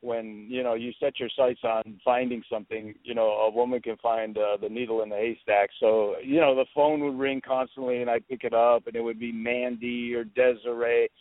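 A middle-aged man, an author being interviewed, telling stories in an animated, opinionated way. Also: mid-range voice, moderate pace, few pauses, no echo. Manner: expansive storyteller, animated, opinionated. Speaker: author, guest. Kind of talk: radio interview talk. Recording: tinny phone-like radio sound.

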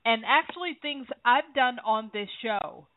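A woman's voice: on the high side, expressive, measured pace, no room sound. Chatty female radio host, tinny sound. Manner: chatty, candid. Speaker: show host. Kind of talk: radio interview talk.

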